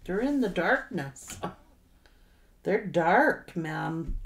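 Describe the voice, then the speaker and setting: A woman giving a tarot reading to her audience, speaking straight to the viewer with drawn-out remarks and sudden exclamations. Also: fairly low pitch, expressive. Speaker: tarot reader.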